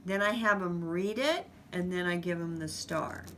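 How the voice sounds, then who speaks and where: A woman teaching parents how to guide children in writing their sounds, explaining each step slowly and patiently. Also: on the low side, fairly bright tone, a little hiss or hum. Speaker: reading teacher. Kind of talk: instructional demonstration.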